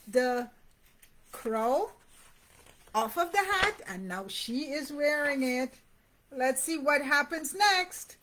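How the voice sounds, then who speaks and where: A woman's voice: high voice, a bit bright. A woman reading a picture book aloud to young children, sing-songing the rhymes and stopping to ask the little listener questions. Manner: sing-song reading of rhymes and sound words; addresses parents directly with encouragement.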